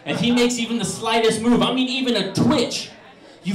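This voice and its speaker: A young man performing animated, profane stand-up comedy, acting out the people in his story. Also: sits high, moderate pace, echoey room, far from the mic, a crowd in the background. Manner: animated, profane, acts out voices.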